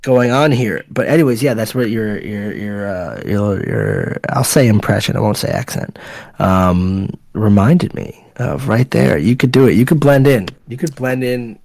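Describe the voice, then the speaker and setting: Low-voiced chatty male radio host. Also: lively intonation, moderate pace, creaky, darkish tone, no echo. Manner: chatty storyteller, drops into impressions. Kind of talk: casual chat. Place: online voice call.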